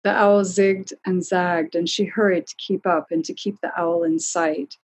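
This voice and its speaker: A woman narrates a storybook in a calm, measured reading voice. Her tone is low and somewhat breathy, with a husky grain. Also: rough recording.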